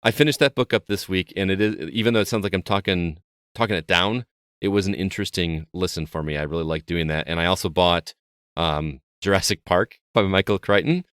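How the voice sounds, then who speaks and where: A man's voice: low voice, fairly quick, a bit bright, smooth, dry recording, studio quality. A man co-hosting a podcast, telling a rambling story in casual chat with frequent restarts. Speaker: podcast co-host.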